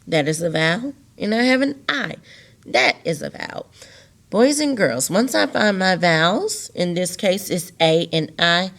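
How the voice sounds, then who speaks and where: A woman teacher leads young students through a recorded video lesson. Her voice is lowish with a sharp edge, and she patiently repeats key words, stressing them in a sing-song way.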